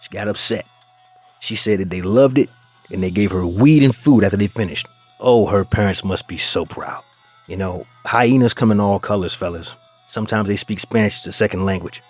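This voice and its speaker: Male reaction-channel host, lowish voice, sneering tone toward the clips he plays, faint music bed. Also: fairly quick, darkish tone. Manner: mocking, addresses listeners as "fellas". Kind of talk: reaction commentary.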